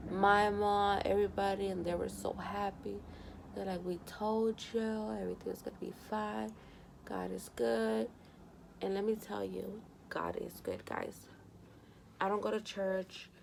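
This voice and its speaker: Chatty young woman with heavy vocal fry. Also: mid-range voice, slight background noise. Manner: chatty, lots of "like" and quoted dialogue. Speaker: beauty vlogger. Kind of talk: casual storytelling to camera.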